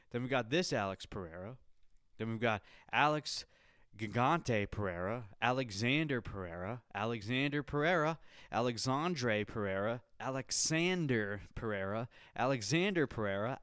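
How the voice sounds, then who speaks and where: A man hosting a podcast in casual chat, excitable and swearing freely, calling the listener dude. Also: medium pitch, clear, resonant tone, no room sound, studio quality. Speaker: podcast host.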